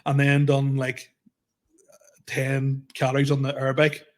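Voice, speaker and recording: A man's voice: medium pitch, completely flat delivery, unhurried. A man in his thirties co-hosting a comedy podcast, ranting in casual chat, laughing often, repeating himself and swearing freely. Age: 30s.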